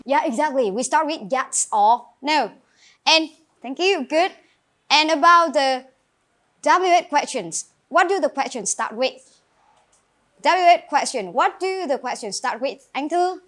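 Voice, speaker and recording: High-voiced Vietnamese woman teaching English. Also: expressive, measured pace, a bit bright. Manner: clear, encouraging teacher calling on students. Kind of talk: classroom grammar lesson. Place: classroom.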